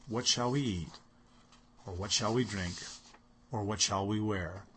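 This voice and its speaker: A man's voice: lowish voice, a bit bright, breathy edge. A man delivering a sermon, speaking earnestly and reading scripture aloud with rising emphasis. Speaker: preacher.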